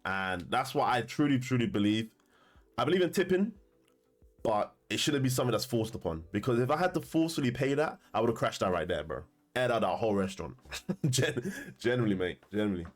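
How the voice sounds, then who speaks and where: A man's voice: medium pitch, lively intonation, brisk. A man telling a story to camera in a casual, slangy way, often laughing. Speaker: commentator.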